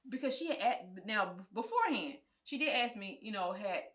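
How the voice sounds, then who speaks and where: A woman's voice: mid-range voice, a little fast. A woman, a guest on a chat show, telling a personal story in casual, colloquial speech and acting out what others said. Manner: animated, acts out the quoted lines of others; colloquial, frank speech with swearing. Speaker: guest, film producer and writer.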